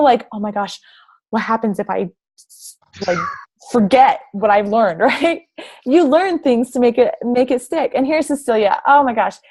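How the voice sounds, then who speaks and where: A fitness coach pitches her team to prospective recruits in an enthusiastic presentation over slides. Her tone is darkish, and she's bubbly and gushing, full of "like" and "oh my gosh."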